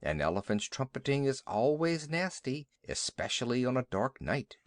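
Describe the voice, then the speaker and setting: A man narrating a classic children's story in an expressive storytelling manner. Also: mid-range voice, normal speed, no echo. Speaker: audiobook narrator. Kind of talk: scripted audiobook narration.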